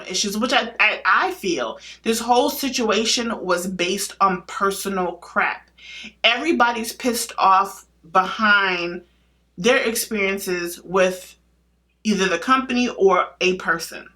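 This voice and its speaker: A woman giving her opinions in a casual vlog, blunt and emphatic, asking herself rhetorical questions and answering them. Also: medium pitch. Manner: blunt and animated, with casual slang. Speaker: beauty vlogger.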